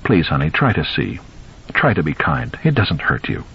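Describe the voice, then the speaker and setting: A man's voice: extremely low pitch, wildly swooping pitch, normal speed, vocal fry, husky, highs cut off, heavily acted. A man voicing a tired, anxious young mother who pleads. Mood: strained.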